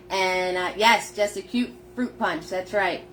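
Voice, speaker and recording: Slow, chatty woman teaching painting. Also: mid-range voice, fairly bright tone, slight background noise. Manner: chatty, step-by-step narration, greets viewers by name. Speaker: painting instructor. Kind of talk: live-streamed painting lesson. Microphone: phone.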